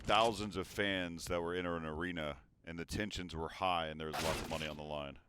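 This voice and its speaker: A man giving esports color commentary, relaxed and analytical, often restarting his sentences. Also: low voice, fairly quick, slight background noise.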